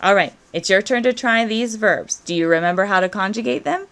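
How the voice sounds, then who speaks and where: A woman Spanish teacher, encouraging and slow and clear as she walks through verb conjugations in a recorded lesson. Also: medium pitch, lively intonation, a bit bright.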